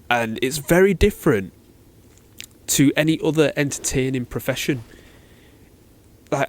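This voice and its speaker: A man hosting a casual solo podcast, talking in a chatty, slangy way and acting out little made-up exchanges, recorded in a shop. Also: mid-range voice. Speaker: podcast host. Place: cold shop with fridges.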